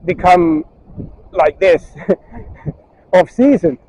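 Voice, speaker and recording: A man with a high, mellow voice muses out loud during a travel vlog, talking slowly as he strolls along a beach. The sound comes from a chest-mounted action camera's built-in mic, with faint background noise. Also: expressive, low-quality recording. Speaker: travel vlogger. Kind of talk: casual walking commentary. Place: outdoors on a beach walk. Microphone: chest-strapped action camera internal mic in a waterproof case.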